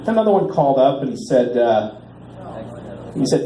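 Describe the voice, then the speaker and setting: Man in his 40s, stand-up comic, mellow lowish-high voice, deadpan punchlines, echoey bar. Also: slight background noise. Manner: deadpan punchlines, drawn-out repeats waiting for laughs. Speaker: stand-up comedian. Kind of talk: stand-up comedy set. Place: small bar stage.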